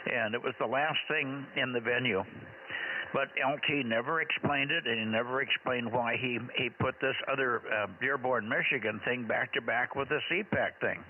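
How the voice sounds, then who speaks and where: Male ham radio net controller, halting and rambling, thin radio band, faint hiss. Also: medium pitch, phone-quality sound. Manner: rambling, halting with many fillers. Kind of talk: casual radio chat.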